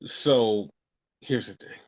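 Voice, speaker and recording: Fired-up, foul-mouthed man ranting. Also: medium pitch. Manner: profane, heated ranting; excitable, animated storytelling. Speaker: podcast host. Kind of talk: casual wrestling podcast chat.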